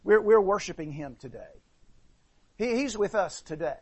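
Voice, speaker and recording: A man preaches a sermon to his congregation, earnest and plain-spoken, often doubling words as he restarts a thought. His voice sits high for a man. The sound is dry and close, with no room echo. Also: lively intonation, moderate pace, darkish tone, breathy edge.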